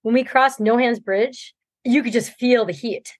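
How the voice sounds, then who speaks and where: A woman's voice: a little high, a little slow, dry recording. A woman guest on a podcast, recounting a race in loose, rambling talk and laughing often. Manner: rambling storytelling, laughs often, many fillers. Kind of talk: casual interview chat.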